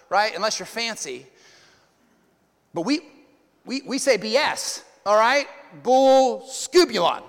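A man with a high, light voice preaches as a pastor, talking casually with slang and repeated words. He surges to loud, emphatic peaks, then drops to hushed asides. His voice carries a long reverb, as if from a large church sanctuary. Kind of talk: sermon.

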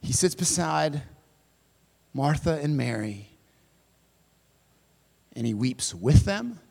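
A high-pitched male pastor delivering a sermon, his voice ringing with a long reverb through a large hall. He shifts from loud, emphatic declarations to soft, hushed passages and speaks to his listeners directly as "friend". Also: sing-song, slow pace, creaky.

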